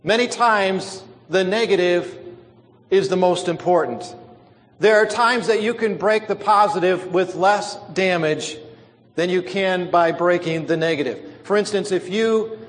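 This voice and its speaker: A man's voice: sits high, measured pace, long reverb tail. A man preaching a sermon, stretching out and stressing key words for emphasis.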